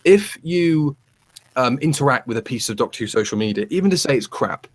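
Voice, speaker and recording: A man's voice: mid-range voice, a little fast. Rambling man chatting. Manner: rambling, animated storytelling with many restarts. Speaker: podcast co-host. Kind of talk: casual chat.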